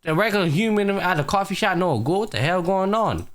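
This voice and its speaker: A man's voice: high voice, fast talker. Guy on an anime podcast hyping up episodes, cussing a lot, doing the characters' lines. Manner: animated storytelling, heavy swearing, acts out characters. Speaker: podcast host. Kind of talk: casual anime podcast chat.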